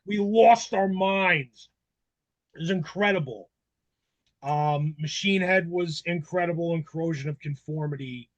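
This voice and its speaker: Animated storytelling man, dry close sound. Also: on the high side, a little slow, no echo, muffled recording. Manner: animated, acts out quoted voices, swears freely. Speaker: panel member. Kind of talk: casual storytelling chat.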